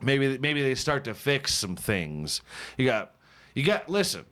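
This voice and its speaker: A man's voice: medium pitch, big pitch swings, unhurried, a bit bright. A man hosting a comedy podcast, joking in a profane, mocking way and laughing often. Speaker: podcast host. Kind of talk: casual comedic podcast banter.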